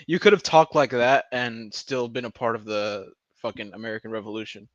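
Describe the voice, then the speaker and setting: A young man chatting casually to his stream, rambling and swearing, breaking into loud laughter. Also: medium pitch, steady tone, moderate pace, no echo. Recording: dry, slightly muffled lo-fi audio.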